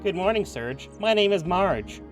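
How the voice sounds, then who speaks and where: A chirpy game mother, read out by a man with a sing-song lilt and lively pitch. Game music plays clearly underneath. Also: a little slow, low-quality recording. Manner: sing-song, rhyming joke names. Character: cheerful mother waking her son.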